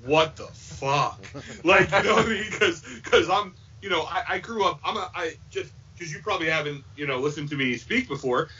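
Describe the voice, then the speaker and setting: A man's voice: high-pitched, a little fast, few pauses, pushed and bright, husky. A man hosting a podcast, asking loose questions with many fillers and laughs. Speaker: podcast host. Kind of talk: casual podcast interview. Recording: distant lo-fi mic.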